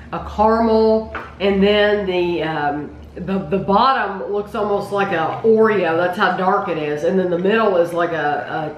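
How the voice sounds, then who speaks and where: A woman's voice: mid-range voice, highs cut off, slight background noise. Woman host chatting thru a chocolate taste test, echoey room, dishes clinking behind. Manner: chatty, descriptive, restarts often. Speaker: vlog host. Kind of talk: casual taste-test chat.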